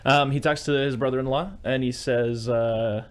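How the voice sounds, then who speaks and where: A man co-hosting a podcast, chatting casually about movies and retelling scenes in an animated way. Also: medium pitch, moderate pace, clear, resonant tone. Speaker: podcast co-host.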